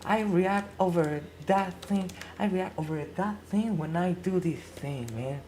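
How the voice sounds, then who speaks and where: A woman with a fairly low voice talks on a live stream in non-native English, her first language Spanish. She repeats phrases as she hunts for words. She plays both sides of an imagined argument, tossing questions back at herself. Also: unhurried, few pauses, warm tone, a little hiss or hum. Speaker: livestreamer. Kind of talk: rambling live-stream monologue.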